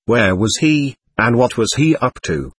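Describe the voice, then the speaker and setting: A man's voice: mid-range voice, expressive, unhurried, slightly rough, no echo. A man voicing an authoritative occult physician in an audiobook, speaking in a clipped, commanding, lecturing way. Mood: stern. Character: authoritative male occult physician, brisk and stern. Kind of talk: audiobook character reading.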